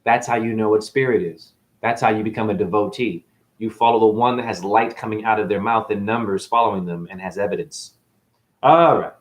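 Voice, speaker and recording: A man giving a preachy, boastful spiritual monologue to camera, breaking into sudden loud outbursts. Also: fairly low pitch, brisk. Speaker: self-styled spiritual teacher.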